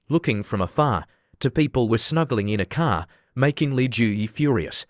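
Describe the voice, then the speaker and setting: A man's voice: mid-range voice, lively intonation, a little slow, no room sound. Man narrating a recap, dry sound. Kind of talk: scripted narration.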